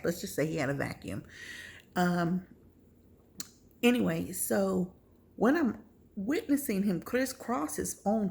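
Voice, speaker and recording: A woman's voice: medium pitch, gravelly, a little mellow. A woman vlogger telling a personal testimony story, acting out her reactions with gasps.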